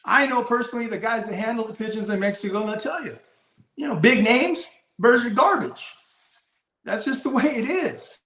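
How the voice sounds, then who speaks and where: A man's voice: very high-pitched, lively intonation, normal speed, sharp tone, roomy sound. A man who breeds and handles racing pigeons, talking in a rambling, blunt way, restarting his sentences, in a casual live discussion.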